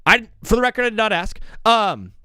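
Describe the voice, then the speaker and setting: A man hosting a live sports comedy call-in stream, bantering with callers in an energetic, joking, rambling way. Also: high voice, a little fast, clear, resonant tone, dry recording, clean studio sound.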